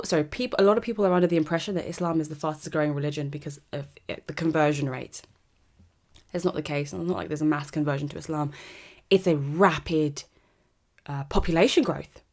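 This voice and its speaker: A woman hosting a podcast, ranting through a monologue with heavy sarcasm. Her voice sits a little low for a woman, and she leans hard on her points. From Britain. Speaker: podcast host. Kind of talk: opinionated monologue.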